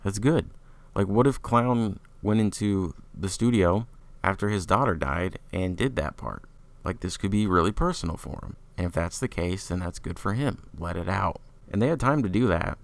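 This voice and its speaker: Gravelly deep-voiced man. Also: animated, moderate pace. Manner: opinionated, chatty, filler-heavy. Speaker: music reviewer. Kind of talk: casual album review.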